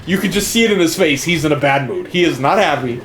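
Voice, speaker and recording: Male streamer, slightly high voice, casual profane storyteller. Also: quick pace, a little hiss or hum. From United States. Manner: profane, animated, chuckling. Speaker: gaming streamer.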